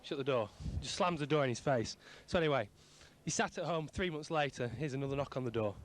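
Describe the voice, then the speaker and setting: A man stopped on the street, telling a joke in a halting, hesitant way. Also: medium pitch.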